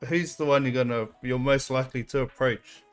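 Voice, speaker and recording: A man's voice: mid-range voice, fairly even intonation, fairly quick, clear, resonant tone, soft background music. A man, casually chatting and joking as host of a reaction video. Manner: laid-back, joking, acts out quotes.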